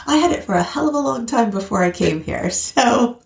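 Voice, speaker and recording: A middle-aged woman with an American accent, chatting casually as an interview guest, animated and laughing often. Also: mid-range voice, normal speed, gravelly, roomy sound. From United States. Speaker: guest, actor.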